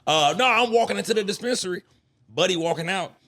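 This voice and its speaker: A man in a casual podcast chat who talks fast and swings his pitch all over as he tells stories. His voice is bright and a little high, and he swears freely and acts out other people's lines as he goes. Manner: animated, profane, storytelling with quoted voices. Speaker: podcast host. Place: podcast studio.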